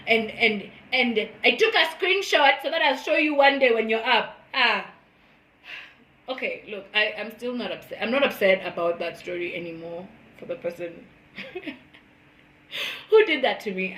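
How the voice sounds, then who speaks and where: A woman giving a casual spoken testimony, earnest and emotional, dropping soft and low, then rising loud and high. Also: slight background noise. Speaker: vlogger. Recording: echoey room.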